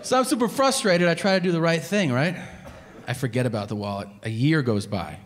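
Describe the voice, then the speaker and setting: A man's voice: on the high side, animated, brisk, in a large hall. A man doing stand-up storytelling on stage, profane and exasperated, with sarcastic asides. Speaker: stand-up comedian. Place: comedy venue stage. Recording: live stage with background noise.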